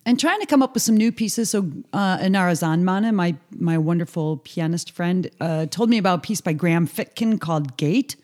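A woman's voice: fairly low pitch, animated, brisk, hardly any pauses, a little mellow. Woman, forties, saxophone teacher, podcast co-host, casual chat, laughs easily. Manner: friendly, laughs easily, chatty.

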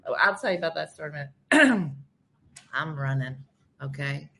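A woman's voice: sits low, brisk, vocal fry. A woman as a guest on a talk show, casually telling a comic story and acting out the people in it. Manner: animated, acts out quoted people.

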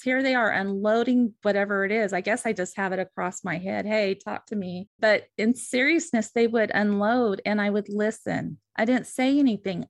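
A woman hosting a faith-based podcast with a steady, middle-pitched voice. She talks earnestly and with emphasis, giving listeners direct advice. The sound is dry and close. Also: dry recording. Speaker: podcast host and therapist.

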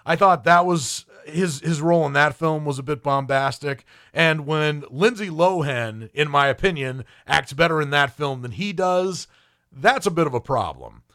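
A man's voice: a little high, moderate pace, fairly bright tone. A man giving an opinionated spoken film review as a critic, with frequent ums and restarts.

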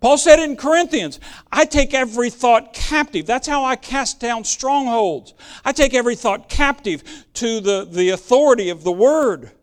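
A man's voice: very high voice, normal speed, clean tone. A man preaching a sermon and explaining Bible verses, earnest and emphatic, repeating phrases for stress.

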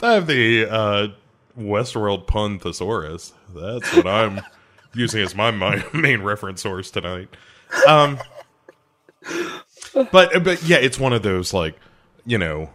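A man with a low voice and a bright, forceful edge recaps a TV episode with his co-host. He jokes and laughs easily. He keeps a loose, casual chat tone. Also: lively intonation, slow, pauses often. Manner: laughing, playful. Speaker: podcast co-host.

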